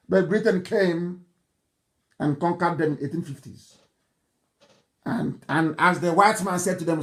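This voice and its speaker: A man's voice: high-pitched, animated, measured pace, pauses often. A middle-aged man with a Nigerian accent giving a fiery live broadcast speech, mocking and scornful, often breaking into laughter. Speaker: political broadcaster.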